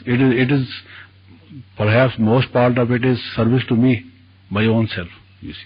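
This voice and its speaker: A man, teaching a spiritual class in a measured, explanatory way, repeating phrases and adding "you see". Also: medium pitch, slightly rough, muffled recording. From Punjab region of British India.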